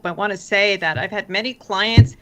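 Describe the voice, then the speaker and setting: A woman's voice: medium pitch, normal speed. A woman hosting a casual panel, giving plainspoken, encouraging advice to people in court cases. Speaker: host, family law attorney.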